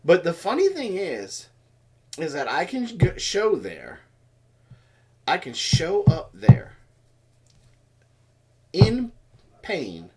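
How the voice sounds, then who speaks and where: A man co-hosting a livestream and telling a story in a relaxed, chatty way. His voice swings widely up and down as he acts out other people's lines and sound effects. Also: high-pitched, slow, long pauses, breathy edge. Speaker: co-host of a homestead livestream. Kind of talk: casual storytelling chat.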